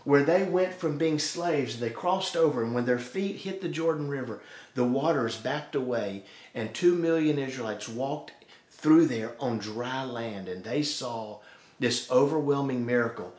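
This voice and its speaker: A man's voice: mid-range voice, expressive, measured pace, a little mellow. A male pastor preaching a sermon, acting out quoted voices along the way. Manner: preaching, voices God and the sarcastic people in quoted asides. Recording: roomy echo.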